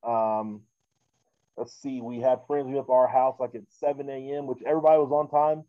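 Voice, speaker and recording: A man hosts a casual podcast in a loose, rambling way, full of fillers and restarts. His voice sits at a middle pitch. The recording is dry and a little dull. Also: level tone, fairly quick, no room sound. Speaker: podcast host.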